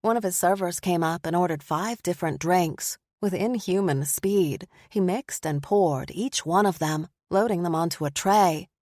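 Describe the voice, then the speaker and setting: A woman reading a first-person story aloud, expressive and lively. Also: on the low side, normal speed, few pauses, no room sound, studio quality. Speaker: audiobook narrator. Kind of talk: scripted first-person narration.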